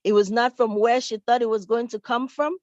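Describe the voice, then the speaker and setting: A woman telling a Bible-style story to children at church, lively and expressive. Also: fairly high pitch, brisk, no room sound. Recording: dull, dry recording.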